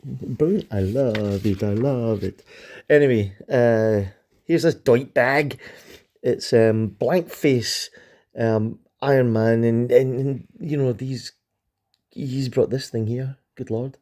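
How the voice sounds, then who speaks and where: A man's voice: medium pitch, takes it slowly, warm tone. A middle-aged man reviewing an old comic book in a casual vlog, rambling and enthusiastic, with lots of ums and restarts.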